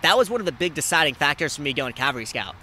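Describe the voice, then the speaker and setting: A man in his twenties hosting a podcast, telling stories in casual chat, animated and swearing freely, acting out the people he quotes. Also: rapid-fire, slight background noise. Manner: animated, acts out quoted people with big jumps in pitch and loudness. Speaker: podcast host.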